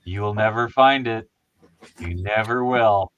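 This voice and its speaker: A low-voiced man chatting casually as a host, rambling through stories and often laughing at his own jokes. Faint clicks sit under his voice. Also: measured pace, a bit bright, lo-fi sound, a little hiss or hum. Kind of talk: casual chat.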